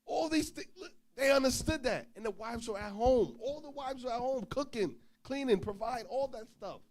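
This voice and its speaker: A male preacher telling a travel story in an informal sermon, acting out both sides of the dialogue and swinging between loud and soft. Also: extremely high pitch, normal speed.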